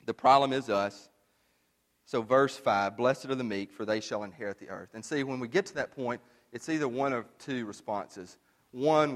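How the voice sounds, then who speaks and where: Conversational male pastor in a reverberant sanctuary. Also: mid-range voice. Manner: conversational, storytelling, swings from animated to hushed. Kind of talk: sermon. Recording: long reverb of a large room.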